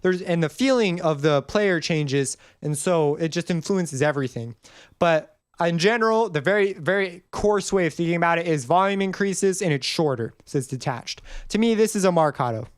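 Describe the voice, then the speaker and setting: Speaking at a moderate pace, this man has a clear, resonant voice on the high side with lively intonation and no echo. He's giving a casual screen-recorded music theory tutorial, explaining in a loose, meandering way and singing notes to show each marking.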